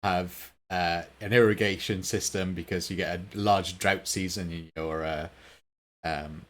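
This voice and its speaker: A man's voice: deep voice, fairly even intonation, unhurried, fairly bright tone. A man co-hosting a casual gaming podcast, enthusiastic and rambling, with many fillers. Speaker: podcast co-host.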